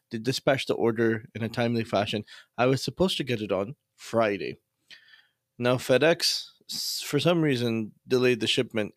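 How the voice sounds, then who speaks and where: Guy ranting fast on his podcast, annoyed, throws in islamic phrases, dry close sound. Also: mid-range voice, dry recording. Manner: fast-talking, frustrated, venting. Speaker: podcast host. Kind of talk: casual monologue rant.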